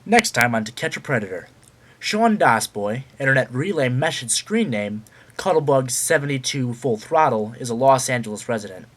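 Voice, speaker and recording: A man playing a self-important TV reporter in a parody, speaking in deadpan, pompous narration. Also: mid-range voice, normal speed. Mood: narrating. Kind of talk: parody news-magazine narration.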